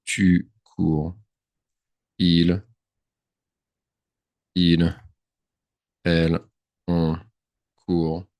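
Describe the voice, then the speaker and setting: A man who teaches a grammar lesson. He talks in a chatty way at his computer, thinks out loud and slips words into his English. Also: sits low, monotone, drawn-out words, pauses often, no room sound. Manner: chatty, thinks aloud, mixes French into English. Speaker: French teacher. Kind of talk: screen-share grammar lesson.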